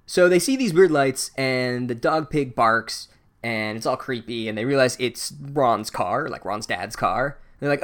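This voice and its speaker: A man's voice: medium pitch, unhurried, fairly bright tone. A man runs a casual, comedic book recap in an ordinary mid-range voice. He rambles and swears freely. His running commentary is dry and sarcastic. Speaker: podcast host recapping a book.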